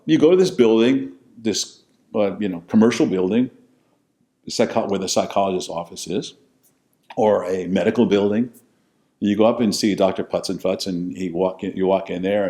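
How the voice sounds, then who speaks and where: An older American man telling stories from his own life, blunt and profane, swinging between loud bursts and low asides. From United States. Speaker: podcast host telling his life story. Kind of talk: casual storytelling monologue.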